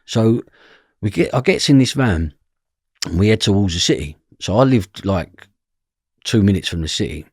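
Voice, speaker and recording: A man's voice: fairly low pitch, expressive, normal speed, pauses often, darkish tone, breathy edge, dry recording, studio quality. A man with an East London accent, a podcast guest telling stories about his past and acting out the voices of other people. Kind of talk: storytelling interview.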